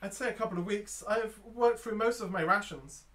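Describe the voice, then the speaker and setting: Guy doing a high-ish trapped lady voice, cagey and careful, fantasy game. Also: fairly quick, a bit bright, distant mic, a little hiss or hum. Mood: guarded. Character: trapped woman stranger, evasive and lying.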